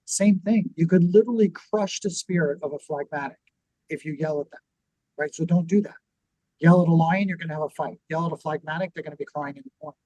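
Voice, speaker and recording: A man co-hosting a business talk show, teaching in a lively conversational way and acting out what people would say. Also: fairly high pitch, fast talker, no echo, poor audio. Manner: animated, acts out quoted reactions. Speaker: podcast co-host.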